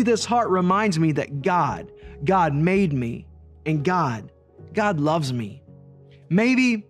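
Male ministry leader with a high voice, preaching an earnest gospel message with repeated phrases over faint music.

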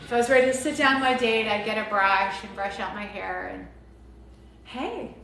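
A woman's voice: medium pitch, flat delivery, fairly quick, gravelly, slight background noise. A woman from Arizona and Maui chatting casually and flirtatiously as she cooks on a live stream, greeting viewers by name. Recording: echoey room with loud background music.

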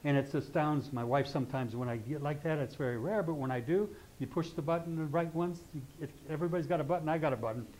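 With a slightly high voice and a darkish tone, this older astrology teacher talks quickly with few pauses. He stays conversational, wandering into asides and checking in with the class by asking "okay?" The recording is rough.

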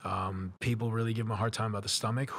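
Lower-voiced man, halting casual talk. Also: steady tone, a bit bright, husky. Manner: halting, fills his sentences with "you know". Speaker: podcast guest, bodybuilding competitor. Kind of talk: casual podcast chat.

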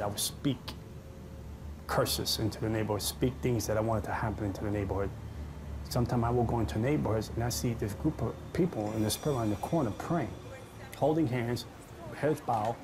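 A man's voice: lowish voice, brisk, background noise. A man giving an earnest, dramatic personal testimony about his past. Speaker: testimony speaker. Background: music.

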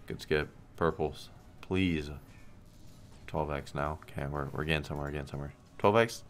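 A young man with a low, deep voice commentates his own slot spins in a loose, casual way. He curses, begs and turns sarcastic as the game lets him down. Faint music plays quietly behind him. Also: fairly even intonation, normal speed. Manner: swears and pleads at the game, frustrated and sarcastic. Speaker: slot streamer. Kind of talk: casual gambling stream commentary.

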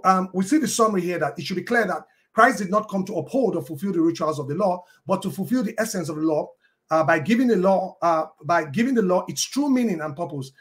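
Male debater, high-pitched voice, halting delivery full of fillers, reads out scripture passages. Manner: halting, with many ums and uhs and restarts. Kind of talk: debate argument quoting scripture.

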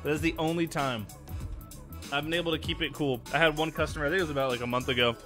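A man's voice: a little high, steady tone, quick pace, music in the background. A young man streaming a game live, rambling casually, swearing and greeting his chat by name. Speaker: gaming streamer.

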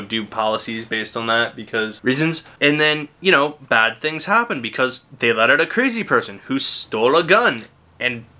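Exasperated man ranting, bright tense voice. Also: medium pitch. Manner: exasperated, profane, sarcastic. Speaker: film reviewer. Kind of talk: casual ranting movie review.

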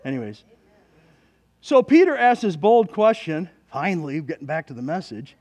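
Preacher man, high and lively voice, jokey and fired up, in a church. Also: normal speed. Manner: exuberant, jokey, shouts and drops to near whispers. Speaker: pastor. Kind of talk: sermon. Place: church sanctuary.

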